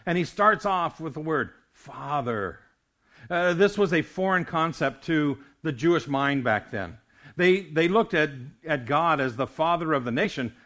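A man's voice: on the high side, expressive, measured pace, fairly bright tone. An older man preaching a sermon as a pastor, earnest, often stumbling and restarting his words.

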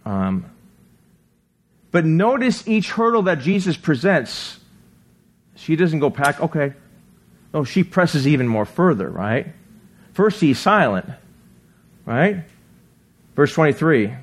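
Pastor type, male, slightly higher-pitched voice, casual sermon delivery with rhetorical questions and scripture readings. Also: sing-song, slow, long pauses. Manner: conversational, often asks "right?"; reads scripture aloud, acts out quotes.

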